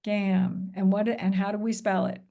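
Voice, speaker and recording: A woman's voice: medium pitch, level tone, fairly quick, mellow. A woman presenting a professional development session, modeling patient call-and-response teaching with encouraging praise. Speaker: teacher trainer. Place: recorded presentation.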